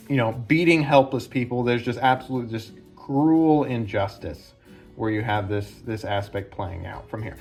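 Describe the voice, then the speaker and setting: A man casually analyzing a film's characters at home, rambling with many fillers and restarts. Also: mid-range voice. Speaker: film analysis host. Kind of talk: casual spoken film breakdown. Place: home room with branches hitting the roof.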